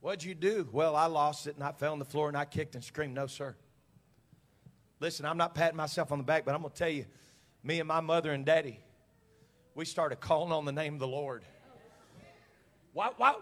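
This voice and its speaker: A man pastor preaching a sermon in a church, moving from quiet storytelling to shouted climaxes. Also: fairly high pitch. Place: church sanctuary.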